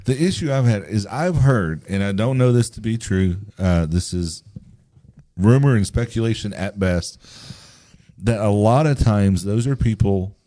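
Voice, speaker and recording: A man's voice: on the low side, animated, measured pace, mellow. A man co-hosting a podcast in casual discussion, careful to hedge his claims and arguing from a Christian view. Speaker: podcast co-host.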